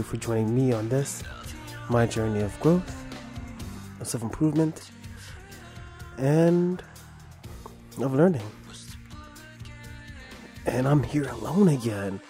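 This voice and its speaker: A man hosting a solo podcast, playful and self-deprecating, rambling with restarts and swinging between whispery asides and sudden loud bursts. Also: mid-range voice. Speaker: podcast host. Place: small room, recording alone. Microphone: close studio microphone.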